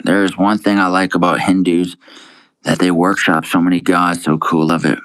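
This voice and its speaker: Young man, deep low voice, dry sound, casual livestream banter, profane, lazy drawl. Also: little pitch movement, normal speed, fairly bright tone, clear, resonant tone, dry recording, poor audio. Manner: laid-back, crude and profane, calls everyone dude. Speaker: live streamer. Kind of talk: casual livestream chat, reading and answering viewer comments.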